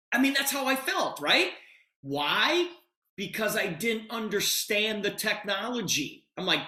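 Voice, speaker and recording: A middle-aged man presents a storytelling sales pitch, his voice rising and falling with animated swings in pitch. He acts out both sides of conversations and delivers everything in a bright, forceful tone. The sound carries a roomy echo. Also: a little slow. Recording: echoey room.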